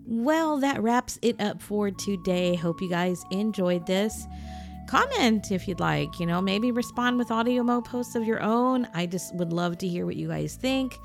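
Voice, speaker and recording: A woman from Southern California chatting casually as she tells a personal story, animated and laughing often. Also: medium pitch, measured pace, vocal fry, soft background music. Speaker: audio blogger.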